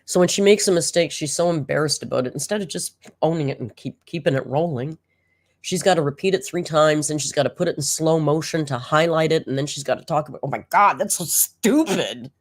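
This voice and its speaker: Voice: mid-range voice, quick pace, no room sound. A speaker giving casual reaction commentary on an old clip, sarcastic and exasperated. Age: older than the clip's audience.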